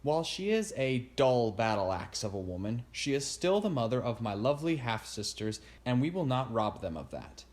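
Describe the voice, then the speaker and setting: A man's voice: medium pitch, very animated, moderate pace, hardly any pauses, a little mellow, close to an everyday voice. A man voicing an upbeat, optimistic young princess who works as a detective, reading a storybook. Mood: cheerful. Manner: eager, optimistic.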